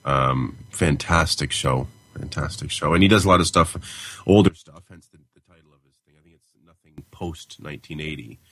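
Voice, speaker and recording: A man hosting a casual podcast, reading listener emails in a relaxed, drawn-out way with fillers and chuckles. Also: extremely low pitch, slightly rough, no echo. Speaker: podcast host.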